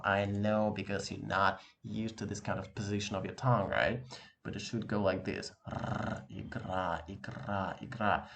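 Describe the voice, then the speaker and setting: Animated, gravelly male language teacher. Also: fairly low pitch, a little hiss or hum. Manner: animated, encouraging, casual slangy address. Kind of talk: online language lesson. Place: room at home with an open window. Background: dog barking outside.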